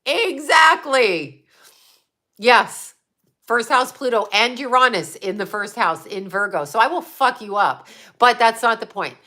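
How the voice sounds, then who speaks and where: A woman's voice: fairly high pitch, lively intonation, unhurried, sharp tone. A woman hosting a casual livestream and answering her chat, talking in a blunt, profane, outspoken way.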